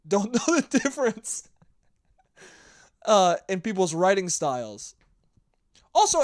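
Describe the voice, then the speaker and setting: Young dude ranting solo on his podcast, high pitched, swears constantly, dry close sound. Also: dry recording. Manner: profane, sarcastic, acts out mocking voices. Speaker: podcast host. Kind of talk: solo comedic rant.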